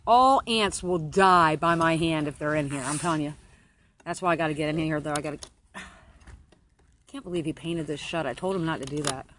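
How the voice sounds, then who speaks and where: A woman's voice: deep voice, a little fast, a bit bright, slight background noise. A woman livestreaming from her phone outdoors while tending beehives. She swears freely and swings between stress and delight. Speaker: beekeeper livestreaming her hives. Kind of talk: casual livestream. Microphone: phone held while working.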